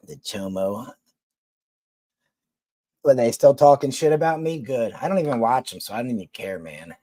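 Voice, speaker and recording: A man's voice: mid-range voice, animated, normal speed, mellow, dry recording. Profane Philly-accented guy on a livestream. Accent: Philadelphia. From New York City. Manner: profane, rambling, blunt. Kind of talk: casual livestream chat answering viewers.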